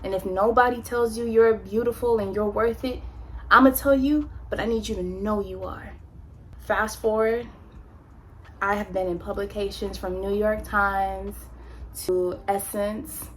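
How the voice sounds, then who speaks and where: A woman from California telling her own story in a candid, animated, slangy way, as a motivational vlogger on a close mic. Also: medium pitch, measured pace, a little hiss or hum. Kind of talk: personal storytelling, motivational talk.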